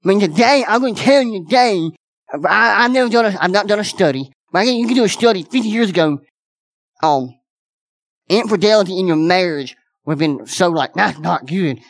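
A man's voice: high-pitched, animated, fairly quick, no room sound. A man preaching a sermon as pastor, folksy and repetitive, with many restarts.

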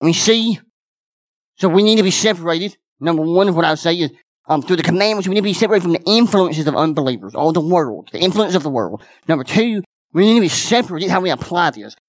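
A man's voice: high-pitched, expressive, fast, no room sound. A man preaching a sermon as pastor, folksy and repetitive, with many restarts.

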